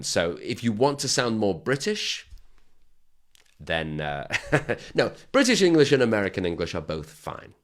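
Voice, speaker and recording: A man with a low, deep voice gives a recorded grammar lesson. His pitch rises and falls a lot as he explains step by step. He keeps checking in with the viewer in a patient way. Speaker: English teacher.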